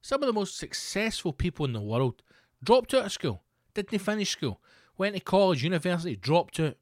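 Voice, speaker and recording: A man's voice: high-pitched, big pitch swings, normal speed, no echo, studio quality. A Scottish man hosting a podcast, ranting in a sweary, sardonic, casual way. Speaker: podcast host. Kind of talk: casual comedic rant.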